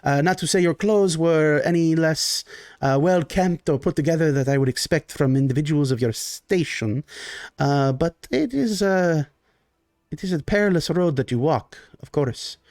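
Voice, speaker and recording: A man's voice: a little high, moderate pace, darkish tone, no room sound, clean studio sound, natural voice. A man voicing a gracious, refined male baron who hosts guests courteously, speaking formally and often ending with "eh?". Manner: formal, polite, ends lines with "eh?".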